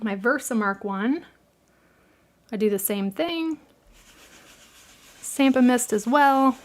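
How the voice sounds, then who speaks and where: A woman's voice: fairly high pitch, expressive, takes it slowly. A middle-aged woman with a Midwestern American accent hosts a live craft tutorial, chatting in a friendly way, laughing easily and answering viewers' questions.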